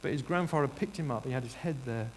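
A man's voice: medium pitch, quick pace, a little hiss or hum. A man preaching a sermon in earnest, rising to emphatic bursts and restarting his sentences. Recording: reverberant hall, faint ambience.

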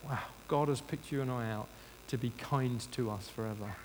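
A man's voice: mid-range voice, normal speed, a little mellow, slight background noise. A man preaching a sermon in earnest, rising to emphatic bursts and restarting his sentences. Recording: reverberant hall, faint ambience.

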